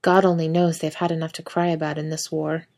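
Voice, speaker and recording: A woman reading fan fiction aloud in a soft, even narrating manner, speaking the quoted dialogue gently. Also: low voice, a little fast. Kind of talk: audiobook-style story reading.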